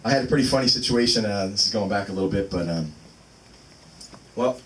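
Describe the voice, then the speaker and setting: A man's voice: fairly low pitch, a little fast. A man in his thirties doing open mic stand-up in a small venue, rambling and interrupting himself with fillers. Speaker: stand-up comic. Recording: distant mic with loud room noise.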